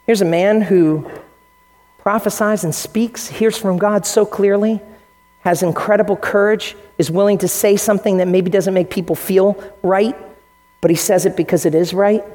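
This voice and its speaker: An American pastor preaches earnestly in a large church hall, acting out the quotes he relates in shifting voices. His voice sits high and darkish, with fairly even intonation and normal speed.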